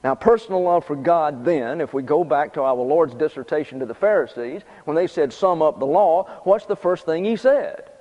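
A man preaches in a plain, conversational way, stating points twice and dropping in offhand asides. His voice sits slightly high for a man. The recording is dull and lo-fi, with a long reverb tail from a large hall. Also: animated, moderate pace, few pauses. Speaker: pastor. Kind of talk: sermon.

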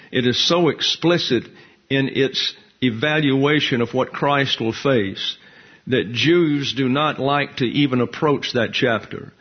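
Measured male Bible teacher, lo-fi recording. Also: mid-range voice, breathy edge. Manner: measured, deliberate, slows to read scripture aloud. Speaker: pastor. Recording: dull lo-fi recording.

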